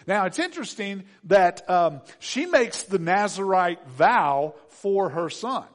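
A man's voice: sits high, animated, slow pace, hardly any pauses. A man preaching a sermon as pastor, conversational and joking, with frequent fillers and restarts.

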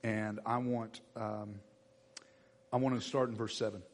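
A man preaching a sermon to his church, animated and acting out the voices of everyday people. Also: on the low side, a little slow. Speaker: pastor. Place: church sanctuary. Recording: long reverb in a church hall.

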